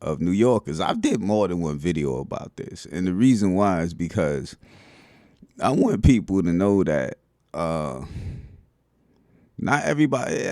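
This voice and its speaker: Man, New York accent, very deep, gravelly, middle-aged, casual slangy storytelling, dry sound. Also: normal speed, dry recording. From the Bronx, New York. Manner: relaxed street slang, keeps saying "you know what I'm saying". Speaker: vlogger.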